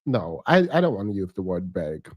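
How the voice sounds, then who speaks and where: A man's voice: low voice, very animated, brisk, no room sound. A man commenting on a video clip in a frank, teasing way, thinking aloud as he reacts.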